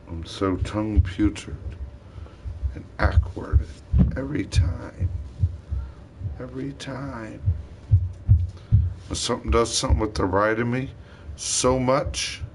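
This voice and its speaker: A man's voice: lowish voice, a little hiss or hum. A man talking alone in a rambling vlog monologue, swearing often and drifting between thoughts. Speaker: vlogger.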